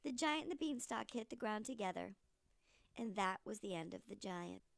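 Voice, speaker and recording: An older woman reading a children's story aloud, slow and animated, with a gravelly voice. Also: medium pitch, no echo.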